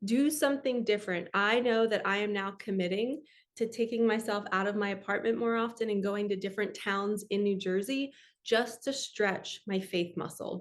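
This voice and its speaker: Woman host, earnest and chatty, middle pitch, personal storytelling to listeners. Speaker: spiritual podcast host.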